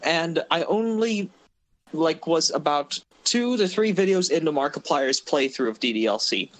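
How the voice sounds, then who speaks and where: Rambling young man, a bit high-pitched. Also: animated, normal speed, a bit bright, low-quality recording. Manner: rambling, laughing storyteller with frequent restarts. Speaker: mod developer and podcast host. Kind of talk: casual podcast storytelling.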